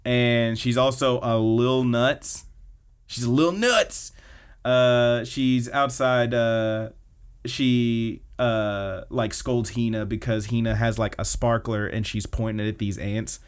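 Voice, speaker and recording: A man's voice: medium pitch, level tone, slow pace, clear, resonant tone. A man co-hosting a podcast, casually recapping anime episodes in a chatty way and acting out the characters' lines. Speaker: podcast co-host.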